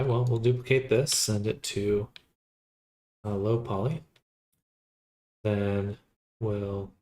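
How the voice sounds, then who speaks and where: A man casually thinking aloud with pauses while he works live on a 3D model. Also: lowish voice, a little mellow. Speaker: 3D modeling streamer. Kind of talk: casual live-stream commentary while working.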